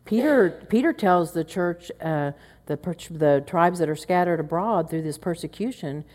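A middle-aged Oklahoma woman leads a women's Bible study in a lowish, slightly mellow voice at a moderate pace. She's animated, chatty and full of anecdotes, muttering little grumbles under her breath as she acts them out. The recording carries a long hall reverb.

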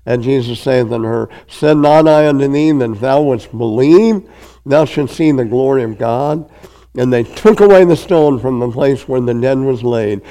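A male pastor preaching a sermon, reading scripture aloud and pressing each point with emphatic, drawn-out phrasing. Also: mid-range voice, warm tone, low-quality recording.

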